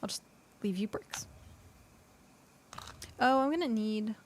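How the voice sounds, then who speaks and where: A woman's voice: fairly high pitch, expressive, takes it slowly, a little hiss or hum. A woman streaming a game, chatting casually and thinking aloud with lots of fillers. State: hiccuping. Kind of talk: casual gameplay chat.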